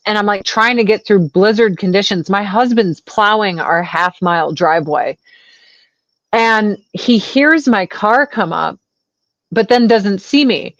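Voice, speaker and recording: A woman in her forties, animated and crude, telling a story as a guest. Her voice sits in a middle range and comes through a dry, dull, lo-fi call line. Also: mid-range voice, measured pace, dry recording. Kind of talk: casual storytelling chat. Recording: dull lo-fi sound.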